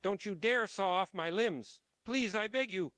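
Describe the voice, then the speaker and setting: A man's voice: high-pitched, measured pace, a bit bright, dry recording. A man voicing a terrified male frog who begs for mercy in a pleading, dramatic way. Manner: pleading, sobbing dramatic delivery.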